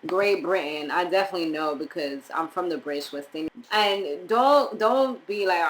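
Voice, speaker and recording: A young woman from Montserrat chatting casually as a vlogger, rambling with animated asides. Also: fairly low pitch, normal speed, few pauses, rough recording. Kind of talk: casual chat reviewing DNA results.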